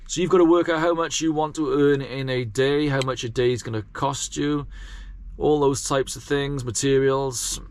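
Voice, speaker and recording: A man of middle pitch, talking through viewer questions for his own gardening channel. He rambles loosely and pokes fun at himself, with an unscripted, casual way of speaking. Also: steady tone, moderate pace, a little hiss or hum. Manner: rambling, chatty, self-deprecating. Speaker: gardening business owner vlogger. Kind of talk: casual vlog Q&A talk.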